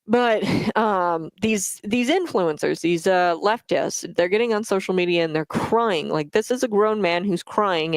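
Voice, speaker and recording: A woman's voice: fairly low pitch, no echo. A woman hosting a talk radio show, giving blunt, opinionated commentary with frequent fillers and restarts, on a studio microphone.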